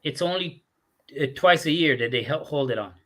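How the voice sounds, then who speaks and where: A man's voice: on the high side, lively intonation, normal speed, fairly bright tone. A man with an American accent hosting a casual interview, asking questions and joking between them. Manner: chatty, joking, asks questions. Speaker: host.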